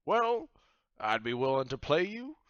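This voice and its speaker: A man doing a boisterous pirate captain with a big, hearty voice that jumps high and swings all over. The sound is bright and dry, a little dull and lo-fi. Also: sing-song, unhurried, no echo. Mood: jovial.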